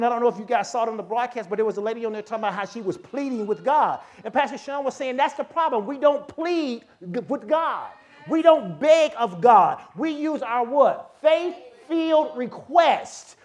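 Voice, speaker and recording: Male preacher with a very high voice, leads call-and-response, swings from teaching to shouting. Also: moderate pace. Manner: leads the congregation in repeat-after-me lines; rises from calm teaching to shouted fervor. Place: church service.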